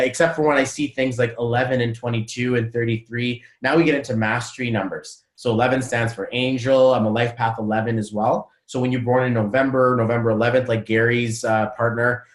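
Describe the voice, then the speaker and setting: An animated man speaks as a coach, in a voice of middling pitch, and he keeps the talk loose and gushing. He leans on slang and fillers. He comes through a video call from a room with a noticeable echo. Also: brisk, few pauses. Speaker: numerology coach. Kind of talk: casual webinar talk.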